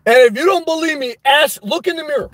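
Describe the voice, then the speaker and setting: A man hosting a live stream, reading chat and telling a story in a loud, animated way, swearing often. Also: very high voice, fast, no echo. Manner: animated, loud, swears a lot, repeats himself. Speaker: livestream host reading chat. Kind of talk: casual livestream rant.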